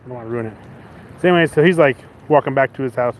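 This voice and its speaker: A man's voice: medium pitch, racing, slight background noise, low-quality recording. A man casually telling a story, acting out the voices of the people in it, often laughing. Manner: animated, acts out both sides with shouted quotes. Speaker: vlogger.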